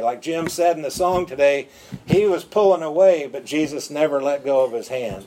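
A man's voice: a little high, moderate pace, darkish tone, poor audio. Emphatic male pastor preaching. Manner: emphatic, repeats words for stress. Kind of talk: sermon.

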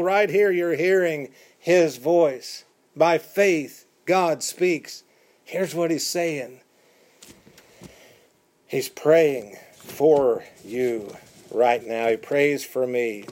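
A male pastor delivering a sermon in a slightly high voice. He moves between measured teaching and lively, dramatic quoting, pushing his voice up when he acts out what people say to God. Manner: animated preaching with dramatic voiced quotes.

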